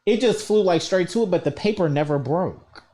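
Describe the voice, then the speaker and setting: A woman hosting a casual podcast chat, telling stories in an animated, slangy way. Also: on the low side, a little fast. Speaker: podcast host.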